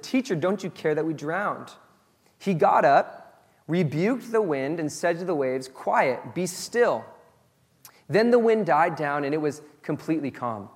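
A man preaching a sermon in a casual, conversational way, moving between loud excited asides and soft, low reflection. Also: in a large hall. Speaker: pastor.

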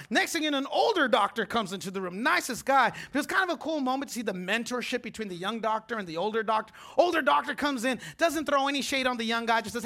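A man in his forties preaches with an animated, story-driven delivery, often laughing and acting out the people in his tale. His voice sits high and sounds bright and forceful. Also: quick pace, hardly any pauses. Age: 40s. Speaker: pastor. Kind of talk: sermon.

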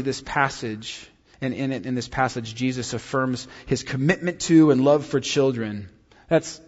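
A man's voice: fairly high pitch, a bit bright. A man preaching a sermon as pastor, telling stories conversationally and repeating key lines for emphasis. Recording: dull sound with long hall reverb.

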